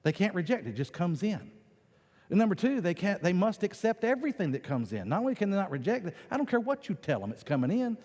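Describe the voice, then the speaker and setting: Animated pastor preaching in a reverberant hall. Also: male voice, high-pitched, fast talker. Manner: animated, acts out quoted voices and laughs. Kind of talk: sermon. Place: church sanctuary. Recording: long church hall reverb.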